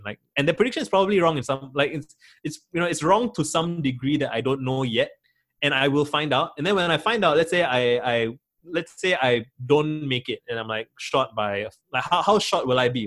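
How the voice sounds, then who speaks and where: A man's voice: mid-range voice, a bit bright. A young man speaks as an interview guest in easy, conversational talk. He rambles, often circling back with fillers and restarting his sentences.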